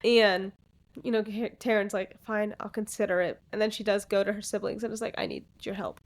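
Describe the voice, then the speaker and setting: A woman's voice: mid-range voice, steady tone, brisk. A woman co-hosting a podcast, casually recapping a book in a chatty way. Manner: chatty recapper, quotes characters in passing. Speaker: podcast co-host.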